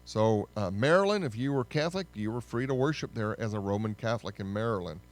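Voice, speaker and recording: A man's voice: on the low side, lively intonation, fast. Casual male history lecturer, faint music. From United States. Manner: conversational, with frequent fillers and self-corrections. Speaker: history teacher.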